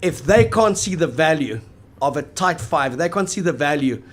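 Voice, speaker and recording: A man's voice: a little high, expressive, normal speed. A man co-hosting a casual sports chat, arguing at length in an emphatic, analytical way. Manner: emphatic, analytical, long flowing arguments. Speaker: podcast co-host.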